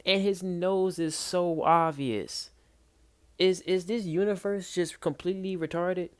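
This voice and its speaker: A man's voice: high-pitched, unhurried, clear, resonant tone. Guy doing a reaction vid on a cheap built-in mic, slangy, can't believe what he's seeing. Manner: incredulous, animated, slangy. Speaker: reaction video host. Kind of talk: casual reaction commentary. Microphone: built-in mic, not a real microphone.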